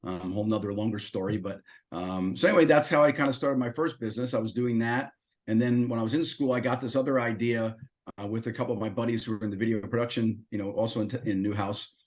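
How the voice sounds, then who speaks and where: A man's voice: lowish voice, quick pace. A middle-aged man as an interview guest, telling his story casually and acting out quoted dialogue. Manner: lively storyteller who acts out quoted dialogue.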